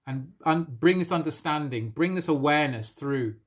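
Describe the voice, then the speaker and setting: A man's voice: fairly high pitch, moderate pace. Earnest man sharing a spiritual story. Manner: earnest and emotional, laughs softly between phrases. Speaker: spiritual coach. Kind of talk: live-streamed personal storytelling.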